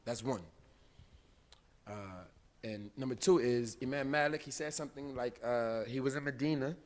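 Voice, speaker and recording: An American man with a medium-pitched, mid-range voice preaches live in a mosque hall at a normal speed. His street-style delivery is loose and informal, full of slang. He lurches between loud, punchy lines and very quiet, intimate moments.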